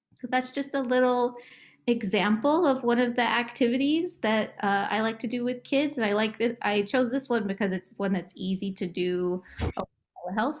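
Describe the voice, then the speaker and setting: A woman therapist talking about her work and gently guiding a relaxation game for children, in a slow, coaxing way. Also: mid-range voice. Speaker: play therapist. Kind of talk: guided relaxation script for children.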